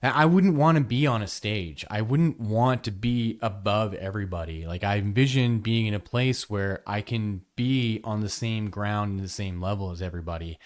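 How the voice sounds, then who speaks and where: A man's voice: lowish voice, normal speed, hardly any pauses. A man who teaches yoga, hosting his podcast and telling a personal story in a frank, emphatic, conversational way. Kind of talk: candid podcast monologue.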